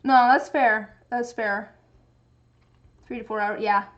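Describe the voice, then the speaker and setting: A fairly high-voiced woman with a light Pacific Northwest American accent chats casually on a stream, wandering from thought to thought and often restarting her sentences. The sound is a bit dull and lo-fi. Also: fairly even intonation, slow, fairly bright tone. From Pacific Northwest, USA. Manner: chatty, rambling, many restarts. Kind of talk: casual chat while crafting.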